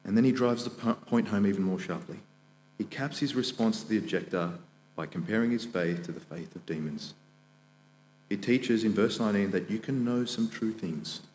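Young man, student minister, earnest sermon, long church reverb, faint mains hum. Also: normal speed. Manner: earnest preaching, rises high and loud when quoting scripture.

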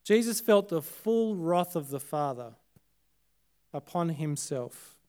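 A man with an Australian accent preaching a Good Friday sermon in church, dramatic, often dropping to a hushed voice after loud emphasis. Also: fairly high pitch, expressive, slow. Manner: dramatic, swinging between loud emphasis and hushed, quiet phrases. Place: church service.

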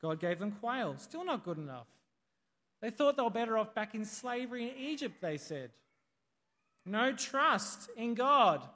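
A man's voice: high-pitched, fairly bright tone, big-room sound. A man preaching a sermon in a conversational way, putting questions to the congregation. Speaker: pastor. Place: church hall.

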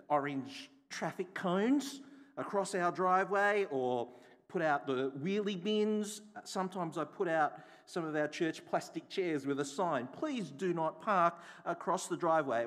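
A man, a bishop preaching a sermon, telling a personal story and asking the congregation repeated rhetorical questions. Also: on the high side. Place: church. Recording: echoey hall.

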